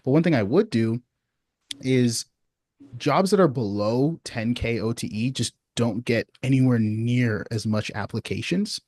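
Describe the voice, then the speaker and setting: Male sales coach, mid pitch, relaxed chatty delivery, dry video-call audio. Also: a little slow, no room sound. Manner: relaxed, uses many fillers like "you know what I mean". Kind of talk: casual advice on a support call.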